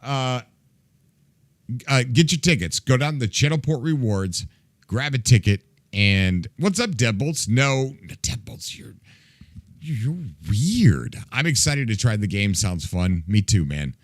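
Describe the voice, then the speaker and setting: A man's voice: medium pitch, very animated, unhurried, dry recording, studio quality. A man hosting a live stream in casual chat with viewers. He is playful, laughs often, makes silly sound effects with his mouth and plays at being fed up with the chat. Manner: mock-exasperated as he reacts to chat. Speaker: livestream host.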